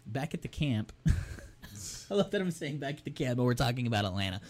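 A man's voice: medium pitch, sing-song, fast talker. A young man on a podcast, casually recapping a TV episode in a rambling way and acting out the characters' lines as he goes. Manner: rambling storyteller who acts out characters' lines. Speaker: podcast co-host.

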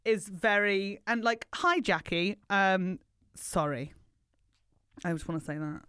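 A woman's voice: mid-range voice, slow, a bit bright, smooth, no room sound. A woman co-hosting a podcast, frank, sweary and teasing in casual chat. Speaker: podcast co-host.

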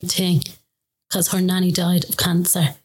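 A woman's voice: fairly low pitch, completely flat delivery, measured pace, faint music behind. A woman hosting a podcast, chatting casually and relaying what other people said. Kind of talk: casual interview chat.

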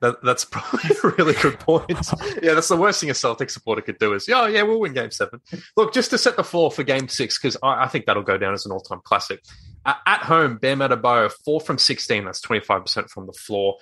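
A man's voice: medium pitch, expressive, brisk, sharp tone, husky. A man hosting a casual sports podcast, joking and teasing his panel. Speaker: podcast host.

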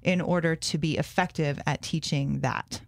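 A woman's voice: deep voice, fairly even intonation, moderate pace, vocal fry, dry recording, clean studio sound. A woman, a homeschool mom and classroom teacher, talking earnestly in a casual conversation and thinking aloud as she goes.

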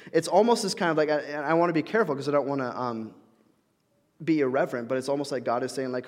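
A man's voice: a little high, fast. A young adult man preaching a conversational sermon, with casual fillers and restarts, acting out quoted voices. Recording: long hall reverb.

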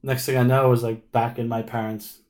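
A man's voice: medium pitch, flat delivery, fairly quick, darkish tone. Man, guest storyteller, rambling and wry, lots of ums and likes, casual podcast chat. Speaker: musician guest.

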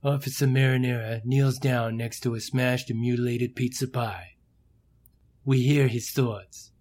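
A man's voice: medium pitch, steady tone, measured pace, a little mellow, a little hiss or hum, close to an everyday voice. A man narrating a comedy sketch as its announcer, dry and matter-of-fact.

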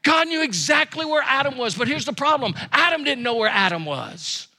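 A man preaching a sermon as pastor, with emphatic repetition and quick rises and drops. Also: extremely high pitch, sing-song, sharp tone.

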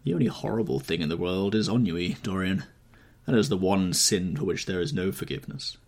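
A man's voice: low-pitched, brisk, darkish tone. A man voicing a worldly, cynical older aristocrat who speaks in a dismissive, urbane way. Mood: airy.

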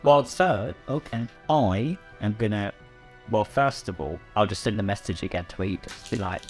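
A man playing a tabletop game, excitable and quick to react. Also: faint music behind. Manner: excitable, jumps high in pitch. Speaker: player.

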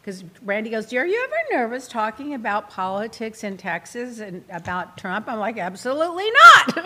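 A woman talk show host spins a long, rambling anecdote in a bright, lively voice. Her pitch sits a little high and leaps around as she acts out her own asides. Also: moderate pace, hardly any pauses. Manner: animated, rambling, quotes herself in asides. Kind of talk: chatty storytelling monologue.

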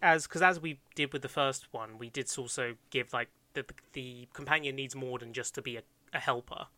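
Bright-voiced man in casual chat. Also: mid-range voice, a little fast, no echo. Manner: hesitant, many restarts and fillers. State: phlegmy. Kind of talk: casual chat about film ideas.

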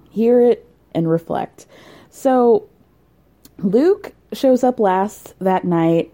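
A woman host chatting casually and wryly, with big leaps in pitch when she makes a point. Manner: chatty, wry, animated with big pitch jumps. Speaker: podcast host recapping reality TV. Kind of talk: casual chat.

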